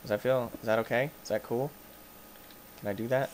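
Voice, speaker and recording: A man hosting a gaming channel, giving let's play commentary as he plays, excitable and yelping and shouting in panic at the game's monsters. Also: mid-range voice, a little fast, a little hiss or hum.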